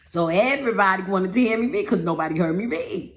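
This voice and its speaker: A woman telling a personal story in a talk, animated, acting out other people's voices and often repeating words. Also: mid-range voice, quick pace, roomy sound, slight background noise. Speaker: speaker giving a talk.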